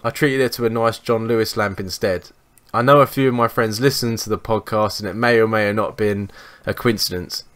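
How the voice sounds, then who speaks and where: A young man, co-hosting a podcast and telling sweary, animated anecdotes in casual chat. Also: lowish voice, a little fast, hardly any pauses. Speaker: podcast co-host.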